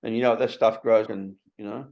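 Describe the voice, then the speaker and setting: An Australian man in his sixties hosting a casual conversation, blunt and animated, swearing freely. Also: on the low side, fairly quick, gravelly. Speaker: podcast host. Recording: slightly muffled recording.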